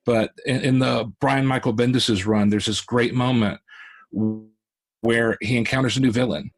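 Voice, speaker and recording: A man talks through his ideas on an online panel, circling and restarting with lots of fillers as he thinks aloud. His voice sits at a middle pitch, and the sound is a plain video-call recording. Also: steady tone, normal speed, vocal fry. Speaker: author on a panel. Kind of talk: casual panel discussion.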